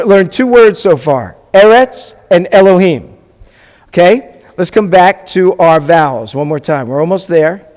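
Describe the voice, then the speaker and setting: Guy teaching a hebrew class, kinda high voice, lots of "everybody good?", echoey hall sound. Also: a little mellow. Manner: patient, checks in often with the class.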